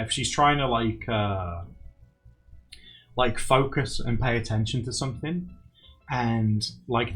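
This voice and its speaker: With faint music behind him, a young livestream host chats casually with his viewers, reads out their comments and laughs frequently. He has a mid-range, fairly bright voice.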